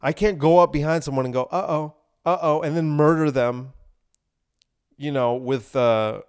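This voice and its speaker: A young man talks through a long, rambling comic story as a podcast host, circling back to the same points again and again. His voice is smooth and resonant, sitting at an ordinary middle pitch. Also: normal speed, darkish tone. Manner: rambling, repetitive, laughing at his own bit. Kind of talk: casual comedic monologue.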